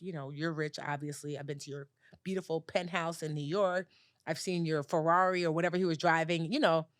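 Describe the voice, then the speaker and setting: A personal finance educator, appearing as a podcast guest in a conversational interview, tells a story with animated energy. She acts out the dialogue with big, lively pitch jumps, and the studio-quality recording has no echo.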